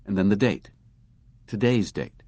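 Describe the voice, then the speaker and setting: Male audiobook narrator, low voice, dry close sound, measured story reading. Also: expressive, warm tone, no room sound, dull audio. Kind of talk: scripted narration.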